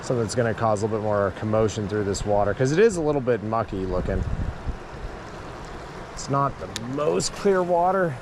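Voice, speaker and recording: A man fishing on a river, giving excited commentary to the camera and exclaiming over and over. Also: lowish voice, a little fast, background noise. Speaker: fishing vlogger. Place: outdoors by a river.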